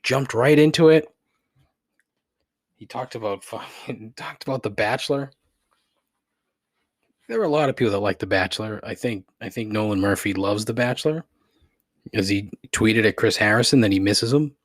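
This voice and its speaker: Speaking at a moderate pace with long pauses, a fairly low-voiced man rants alone on his podcast. He's frustrated, swears heavily, and keeps laughing ruefully at himself. The sound is clean and studio-like, with no echo.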